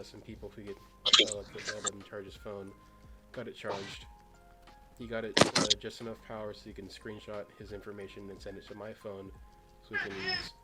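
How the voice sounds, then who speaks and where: A young man co-hosting a podcast, telling a story in a rambling, casual way with many fillers. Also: fairly low pitch. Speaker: podcast co-host. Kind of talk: casual chat among friends.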